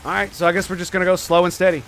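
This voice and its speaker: A man giving live gameplay commentary as a streamer, excitable and quick to swear and rant in exasperation. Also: high voice, slight background noise.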